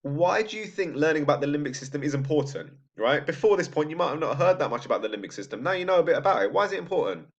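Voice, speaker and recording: A man's voice: a little high, lively intonation, racing, hardly any pauses. A man teaching a recorded psychology lesson in a casual, conversational way, checking in with "right?" and restarting his sentences. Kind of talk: recorded lecture. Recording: slightly dull lo-fi audio.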